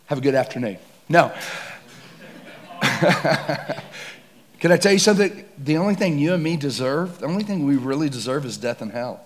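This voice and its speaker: A man preaching a casual, slangy sermon that builds to shouts. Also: on the high side, expressive, moderate pace, pauses often. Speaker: pastor.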